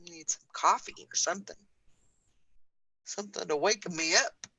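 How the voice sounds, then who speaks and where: A woman's voice: fairly low pitch, animated, slow pace, pushed and bright, husky, rough recording. A woman over sixty, a grandmother, co-hosting a morning radio show in casual, sleepy chat. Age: older. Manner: sleepy, chatty, laughs easily.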